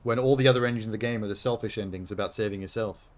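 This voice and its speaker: A man's voice: lowish voice, very fast. A man from Australia with an Australian accent, casually chatting and laughing as he streams a game, swearing freely. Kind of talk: casual gameplay commentary.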